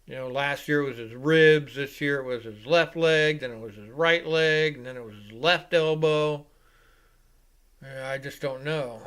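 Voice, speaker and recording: A man hosting a live reaction show, giving casual play-by-play commentary. He rambles off-topic, swears freely and gets louder and higher whenever he calls the action. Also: unhurried, clean tone. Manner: rambling and casual, with profanity, rising and louder when calling plays.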